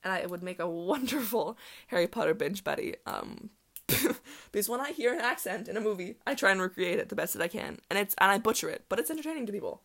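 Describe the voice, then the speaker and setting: A woman's voice: mid-range voice, lively intonation, quick pace, fairly bright tone. A young woman hosting her own solo podcast, chatting in a rambling way full of ums and restarts. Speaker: podcast host. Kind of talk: casual solo podcast chat.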